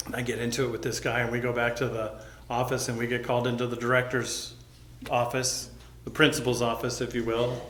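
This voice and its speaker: A man's voice: medium pitch, fairly bright tone, slight background noise. A man preaching as a pastor, casually retelling a personal story and acting out what people said. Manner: casual, conversational retelling with acted-out quotes. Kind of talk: sermon storytelling. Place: church sanctuary. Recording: echoey church hall.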